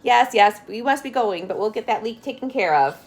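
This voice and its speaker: A woman reading a storybook aloud and voicing a flustered father who bluffs loudly in a raised, hurried voice. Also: on the high side, expressive. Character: flustered father, middle-aged man, bluffing.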